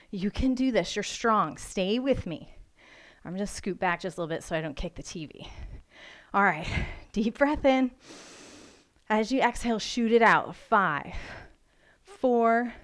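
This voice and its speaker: A woman leading a home yoga workout, giving encouraging cues and counting reps aloud while exercising and breathing hard. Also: a little high. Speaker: yoga instructor. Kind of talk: guided workout instruction. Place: home room.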